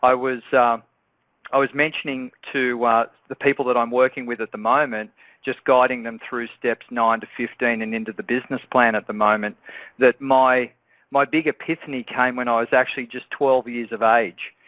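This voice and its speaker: A man's voice: mid-range voice, little pitch movement, moderate pace, a bit bright, dry recording, poor audio. A man with an Australian accent, a guest coach who tells a personal story with earnest repetition and many "you know"s. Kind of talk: telling a personal story on a group call.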